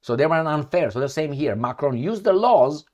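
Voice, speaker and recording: Animated, sarcastic male commentator. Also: fairly high pitch, moderate pace, muffled recording. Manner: sarcastic, scornful asides; animated, rhetorical questions. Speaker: political commentator. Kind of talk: opinionated monologue reading and reacting to news.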